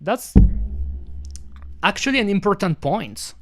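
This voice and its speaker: Rambling male streamer, slightly high voice. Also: sing-song, a little slow, noisy background. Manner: rambling, many fillers and restarts, non-native grammar slips. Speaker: streamer reacting to a video. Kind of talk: casual chat.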